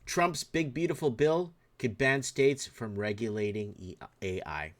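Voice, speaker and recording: A Canadian man hosting a solo livestream, reading news items aloud and then breaking into excited, opinionated rants to his viewers in a room indoors. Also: medium pitch, a little slow. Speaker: show host.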